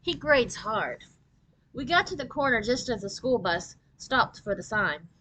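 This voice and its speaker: A woman reading a children's novel aloud in an expressive storytelling voice. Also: fairly high pitch, unhurried, a little hiss or hum, low-quality recording.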